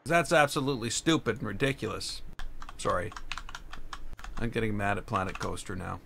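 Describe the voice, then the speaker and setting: A man streaming a game live and ranting at it in frustration, his voice bright and forward at a mid pitch. Keys clatter now and then behind him, over a faint hiss of background noise. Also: lively intonation, normal speed, gravelly.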